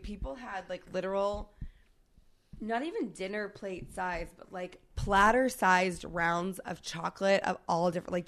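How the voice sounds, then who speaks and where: Low gravelly woman podcast cohost, animated, swears a lot, tons of "like". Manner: swearing, animated storytelling with many fillers. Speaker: podcast co-host. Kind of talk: casual chat.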